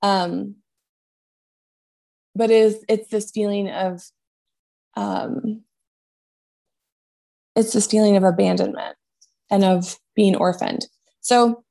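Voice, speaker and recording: Gravelly-voiced woman giving a medium reading. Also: mid-range voice, steady tone, slow pace, pauses often. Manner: gentle, reassuring, often trailing off and restarting. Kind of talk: spiritual reading, conversational.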